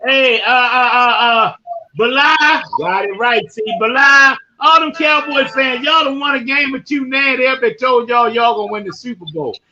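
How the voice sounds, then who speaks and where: Brassy high-voiced male sports-talk host, rowdy, slightly dull audio. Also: normal speed. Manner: loud, boisterous, trash-talking. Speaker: podcast host.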